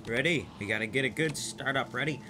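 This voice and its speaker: A man giving casual gameplay commentary, excitable and chattering to his character, over noticeable background noise. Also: mid-range voice, fast. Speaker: gaming channel host.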